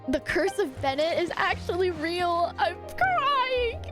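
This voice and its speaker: A woman streaming a game live, reacting excitably and breaking into shrieks and laughter. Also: very high voice, slow pace. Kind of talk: live gameplay stream commentary. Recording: game music playing behind. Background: game soundtrack.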